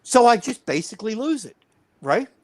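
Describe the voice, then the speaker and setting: A man's voice: sits high, big pitch swings, normal speed, no echo. A man in his fifties, a wrestling promoter, telling a heated story in a blunt, boastful way. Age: 50s. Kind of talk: casual storytelling.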